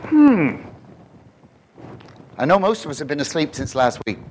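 A male preacher delivers an enthusiastic sermon, turning to his congregation with questions. His voice sits a little high. A faint hum of the room stays under his words. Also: expressive, quick pace, poor audio. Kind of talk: expository sermon.

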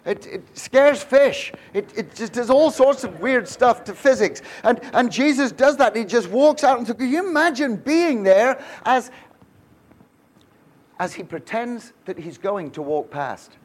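With a very high, expressive voice, this pastor delivers a funny sermon at a measured pace. His storytelling is full of jokes and rhetorical questions, and he frequently starts over mid-thought.

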